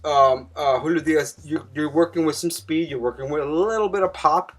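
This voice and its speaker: Young guy ranting bout fights, swears nonstop, kinda high voice, bit of music behind. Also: normal speed, fairly bright tone. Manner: rambling, swears often, jumps in pitch when worked up. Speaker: boxing commentator making fight predictions. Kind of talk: casual profane monologue.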